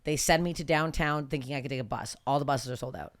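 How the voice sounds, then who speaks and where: A woman in her thirties from Canada, telling a wild story on a podcast in an animated, profane way with many restarts. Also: rumbling low, quick pace, no echo, clean studio sound. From Toronto, Canada. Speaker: podcast guest comedian. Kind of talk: casual storytelling.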